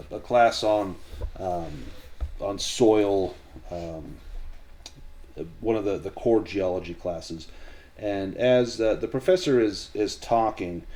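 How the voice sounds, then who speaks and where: A man narrating a tabletop horror game as game master, measured and descriptive, with frequent restarts. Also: lowish voice, warm tone.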